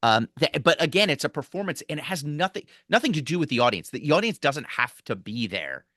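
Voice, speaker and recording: Comic guy in his 40s from philly, bright punchy voice, rambles thru stories, dry close mic. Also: a little high, a little fast, no room sound. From Philadelphia. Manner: rambling, animated storytelling with many restarts. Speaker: guest comedian. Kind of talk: casual podcast chat.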